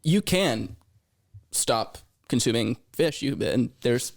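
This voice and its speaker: A man's voice: medium pitch, lively intonation, takes it slowly, creaky. A man who co-runs a fish shop, chatting earnestly on a podcast recorded in a home and repeating words as he builds his points. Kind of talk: casual podcast chat. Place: living room of a home.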